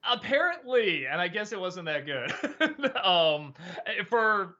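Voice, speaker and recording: Hesitant, lively-voiced man musing on a stream. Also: high voice, a little slow, highs cut off. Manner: musing, hesitant, many ums and restarts. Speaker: host. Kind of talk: casual live-stream Q&A.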